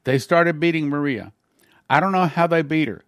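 Earnest pastor telling a testimony. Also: male voice, on the high side, normal speed, a bit bright, dry recording, clean studio sound. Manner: earnest storytelling. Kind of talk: retelling a first-person testimony.

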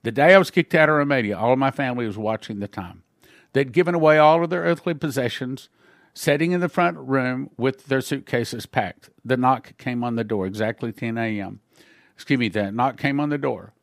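A man's voice: medium pitch, a little fast, gravelly, no echo, studio quality. A man, a pastor, earnestly retelling a first-person testimony as a story for his listeners.

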